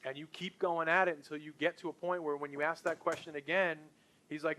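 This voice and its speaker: Middle-aged man, sales trainer, slightly high voice, lively and punchy, talks straight to a group. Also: fast talker. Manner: enthusiastic, conversational, punchy.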